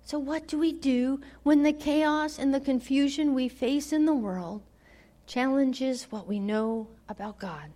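A woman preaching a sermon, dramatic, swinging from loud declarations to hushed near-whispers. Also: high voice, a little slow.

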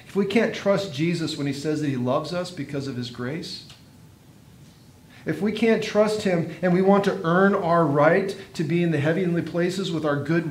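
A man preaching a sermon, earnest, with dramatic pauses and swelling emphasis. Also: a little mellow. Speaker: pastor. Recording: echoey room with faint noise and rumble.

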